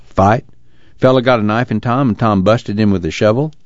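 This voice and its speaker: A man's voice: on the low side, moderate pace, dry recording, pitched below the performer's own voice, lightly acted. A man voicing a boastful young farm man with a cocky rural drawl. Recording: dull lo-fi dry audiobook recording.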